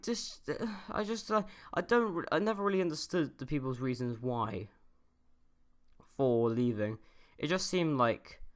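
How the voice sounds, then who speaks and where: A man's voice: medium pitch, fairly bright tone, smooth. A young man from the UK giving a casual opinion rant as a YouTuber, rambling and swearing, with lots of fillers and restarts. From United Kingdom.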